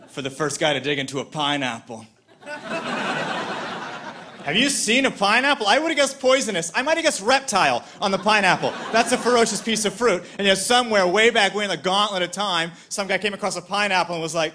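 A man performing a stand-up comedy set on a TV studio stage, telling his bits in an animated, playful way. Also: sits high, fairly quick, a little hiss or hum.

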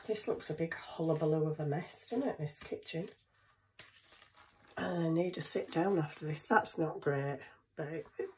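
A woman's voice: deep voice, a little mellow, a little hiss or hum, poor audio. A woman chatting casually in her home kitchen, thinking aloud as she works on a craft. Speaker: craft vlogger.

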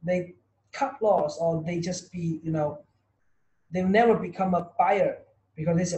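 A man teaches an online trading class, repeating points and firing rhetorical questions at his students. His voice sits high for a man, with a soft, mellow tone. The sound is roomy, with a clear echo. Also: steady tone, moderate pace. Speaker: trading tutor. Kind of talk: online webinar lesson.

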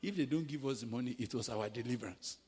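Dramatic Nigerian preacher in a hall. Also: male voice, medium pitch, quick pace, slight background noise. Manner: dramatic, acting out quoted voices, swinging from hushed to shouting. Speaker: pastor. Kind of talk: sermon with storytelling.

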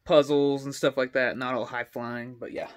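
A man's voice: medium pitch, little pitch movement, moderate pace, slight background noise. A young man giving a casual, rambling walkthrough of his game collection at home, filmed on a selfie stick, full of ums and uhs. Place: indoor home with stairs. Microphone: selfie stick camera.

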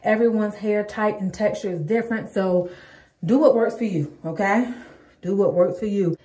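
A woman's voice: medium pitch, normal speed, dark tone, echoey room. A woman in her thirties chatting casually through a hair-care routine, calling her viewers y'all with plenty of ums. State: out of breath. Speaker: vlogger. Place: home, indoors.

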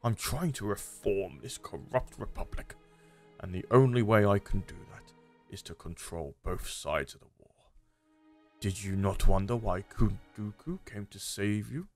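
A man voicing a soft-spoken, sinister older male politician, talking low and hushed. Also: measured pace, faint music behind.

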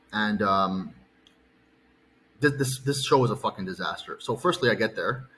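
A man's voice: medium pitch, fairly bright tone, slight background noise, low-quality recording. A man, a fitness coach, telling a long, heated, profane story and checking in with "okay" and "right.". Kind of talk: ranting storytime vlog.

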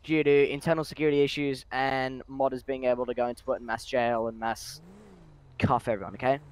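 A man's voice: mid-range voice, level tone, fairly quick, clean tone. A man working as a game server admin, patiently explaining rules to players.

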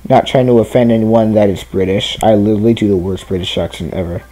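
Mellow young man streaming a kart race. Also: lowish voice, fast, faint music behind. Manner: chatty, self-deprecating, talking to viewers while playing. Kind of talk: casual gameplay commentary.

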